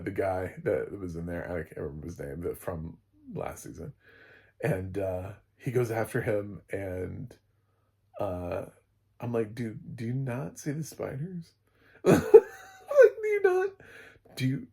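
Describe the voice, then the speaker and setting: A man chats casually about a TV episode, rambling and restarting his sentences and breaking into laughs. His voice sits low and a little husky, and his pitch swings widely as he talks. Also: a little mellow. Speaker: TV reviewer. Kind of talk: casual solo review chat.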